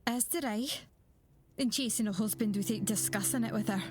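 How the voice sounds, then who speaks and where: An actress playing a gentle woman with second sight in a video game, soft, measured and earnest, over game music. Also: a little high, background noise, natural voice.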